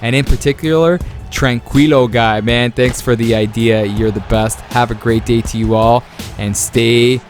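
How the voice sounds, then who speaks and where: Excitable man laughing through game highlights. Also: a little slow, faint music behind. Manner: excitable, laughing, playful trash talk. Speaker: gaming YouTuber. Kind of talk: video game highlight commentary.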